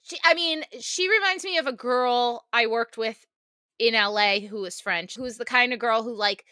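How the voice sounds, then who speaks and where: A woman's voice: a little high, moderate pace, pushed and bright, no echo, studio quality. A woman co-hosting a podcast in casual chat, telling stories with animation and swearing freely. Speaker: podcast co-host.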